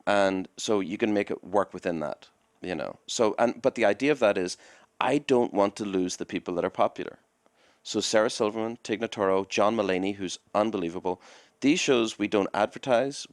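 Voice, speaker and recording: A lowish-pitched man spins a winding story, stopping to act out what everyone said. His voice sits dry and close, with no room around it. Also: moderate pace, no echo. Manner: rambling anecdotes, acts out quoted dialogue. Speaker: comedy club owner, podcast guest. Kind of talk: conversational storytelling.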